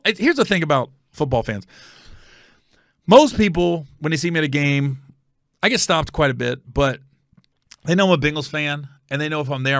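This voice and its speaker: Heard here is a fairly high-pitched man, a middle-aged comedian running his own show. He spins stories in relaxed conversation, animated throughout and impersonating the people he describes, with echo-free studio sound.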